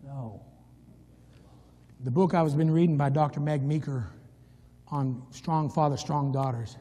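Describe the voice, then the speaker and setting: A middle-aged man preaching a sermon as pastor, swinging from hushed low passages to loud, high-pitched emphasis. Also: unhurried, a little hiss or hum. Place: church sanctuary. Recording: long reverb from a church hall.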